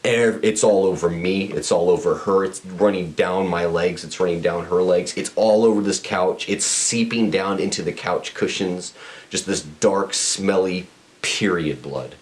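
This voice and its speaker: Very deep-voiced young man, crude and blunt. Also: measured pace. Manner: profane, blunt, rambling with restarts. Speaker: podcast host. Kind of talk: casual crude storytelling.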